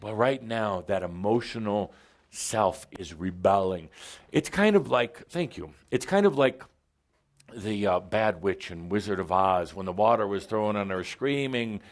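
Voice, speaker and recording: A man's voice: on the low side, lively intonation, measured pace. A man giving a live channeled spiritual talk to an audience, playful and theatrical, often laughing and teasing the people in the room. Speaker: channeler addressing a spiritual group.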